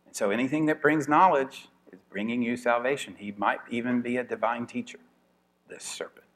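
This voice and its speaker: A man's voice: medium pitch, a little fast, fairly bright tone. A man giving an informal evening lecture to a class. He talks in a chatty way, laughs often and thinks aloud with restarts.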